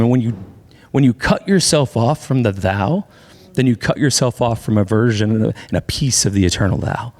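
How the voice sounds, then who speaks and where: A man's voice: mid-range voice, big-room sound. A man preaching a conversational sermon as pastor, then introducing a guest speaker. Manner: conversational, animated in asides. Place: church sanctuary.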